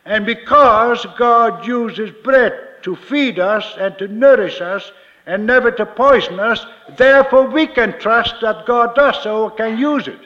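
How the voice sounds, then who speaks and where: A man preaching a sermon as a minister, slow and emphatic, repeating his key phrases. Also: very high voice, sharp tone, highs cut off.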